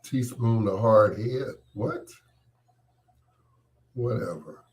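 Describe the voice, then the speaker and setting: Slow-talking male radio host with a cold. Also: on the low side. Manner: joking, teasing listeners by name. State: has a cold, congested voice. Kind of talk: casual late-night radio chat.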